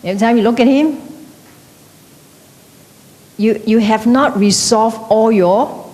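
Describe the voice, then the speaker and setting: A woman's voice: a little slow, a little mellow. A woman teaching an evening class, lecturing conversationally and checking in with the class through frequent tag questions. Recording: echoey hall with faint rumble.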